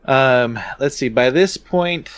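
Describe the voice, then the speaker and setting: A man's voice: medium pitch, slow, clear, resonant tone, no echo. A man running a tabletop game as dungeon master, narrating unhurriedly and often chuckling.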